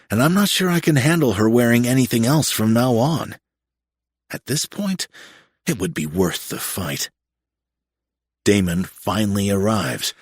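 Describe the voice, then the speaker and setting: Male romance audiobook narrator, husky and intimate, dry booth sound. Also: fairly low pitch, no echo.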